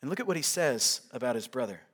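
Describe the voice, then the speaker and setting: A man preaching a sermon, swinging from loud, emphatic lines to hushed, quiet ones as he works through a passage. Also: mid-range voice, big pitch swings, fast, husky. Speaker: pastor.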